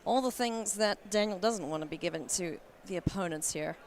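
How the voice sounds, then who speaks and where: A woman doing live card game commentary at a tournament, playful and quick to laugh. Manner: playful, laughs often, animated swings in pitch. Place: convention hall.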